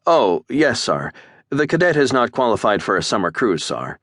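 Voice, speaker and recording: A man's voice: medium pitch, big pitch swings, moderate pace, a bit bright, no room sound, studio quality, pitched above the performer's own voice. A man voicing a young male cadet who is stiffly formal and nervous, speaking in clipped military phrases.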